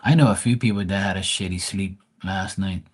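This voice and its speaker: Husky low-voiced man chatting on a live stream. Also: steady tone, a little fast. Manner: loose, chatty, mild swearing, addresses viewers by name. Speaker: live-stream tarot reader. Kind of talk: casual live-stream chat with viewers.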